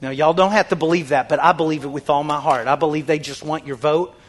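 A man preaching a sermon to his congregation, fervent and repetitive, dropping to a hush and then rising to loud shouted calls. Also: on the high side, steady tone, quick pace. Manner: swings from hushed, near-whispered lines to loud shouted exhortation. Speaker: pastor.

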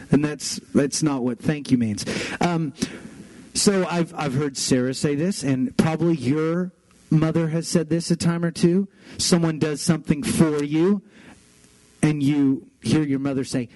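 A young man preaches to his congregation, moving between lively family stories and scripture. His voice sits a little high, and he plays out his toddler's words with bright, animated delivery. The sound is close and dry, with no room echo. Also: unhurried. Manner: animated storytelling, mimics his toddler son. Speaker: pastor. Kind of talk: sermon.

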